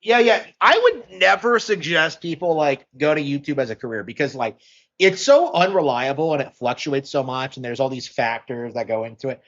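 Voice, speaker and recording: Male commentator, higher voice, hesitant rambling, dull lo-fi sound. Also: normal speed, a bit bright. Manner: rambling, hesitant, many fillers and restarts. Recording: muffled lo-fi audio.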